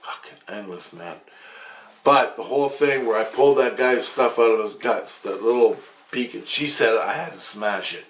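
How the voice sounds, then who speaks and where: A man's voice: fairly low pitch, moderate pace, fairly bright tone. A man telling a rambling, profane story about his dreams, casual and agitated. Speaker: vlogger recounting dreams. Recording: echoey room with faint noise.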